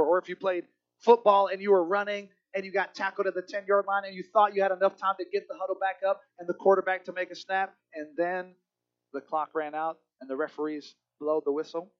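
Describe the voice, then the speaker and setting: A man preaching a sermon in an earnest way, often dropping to a hush for emphasis. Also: sits high, steady tone, a little fast, lo-fi sound.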